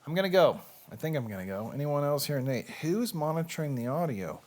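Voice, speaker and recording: A man's voice: on the high side, very animated, fairly quick, a little mellow. A middle-aged man with a Southern US accent, hosting a casual, rambling livestream chat in a self-deprecating way. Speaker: host.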